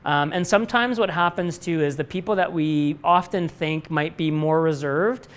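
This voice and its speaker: A man's voice: a little high, moderate pace, clear, resonant tone. A middle-aged man, a company president, answering student questions in a live talk, candid and rambling with frequent restarts and casual swearing. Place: lecture room before a live audience.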